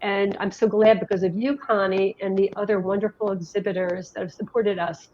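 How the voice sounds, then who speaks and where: A middle-aged health education director from New Jersey tells her story as an interview guest, talking quickly in a chatty, rambling way with many restarts. Her mid-range, slightly mellow voice has little pitch movement, and the recording is dull and lo-fi with slight background noise.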